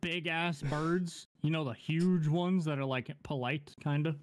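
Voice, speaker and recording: A man's voice: a little high, steady tone, a little slow, no echo. A man in casual podcast chat, asking blunt, wisecracking questions.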